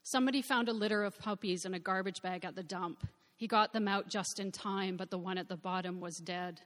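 A woman's voice: medium pitch, brisk, fairly bright tone, in a large hall, close to an everyday voice. A woman voicing a blunt, matter-of-fact woman friend who rescues animals.

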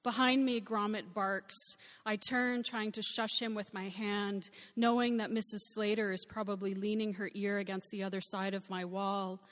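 A woman narrates a first-person novel in a reflective, measured voice. Her pitch sits in an ordinary middle range for a woman. The recording carries a long reverb. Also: level tone.

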